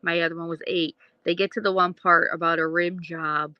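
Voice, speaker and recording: Lowish-voiced woman rambling on a live stream, laughs a lot, dull dry lo-fi sound. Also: little pitch movement, brisk, dry recording. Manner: chatty, rambling, laughs often. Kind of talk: casual live chat with viewers.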